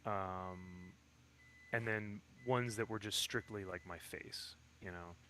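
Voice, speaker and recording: Man, 30s, lowish voice, rambling casual chatter, slight background hiss. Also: fairly even intonation, sharp tone. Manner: rambling, halting, many fillers and restarts. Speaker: stream guest. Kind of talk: casual chat.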